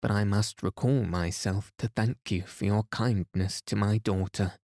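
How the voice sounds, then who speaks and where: A man's voice: fairly low pitch, fairly even intonation, a little slow, a little mellow, dry recording, clean studio sound. A man reading a courteous old nobleman. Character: courteous, ironic elderly nobleman father.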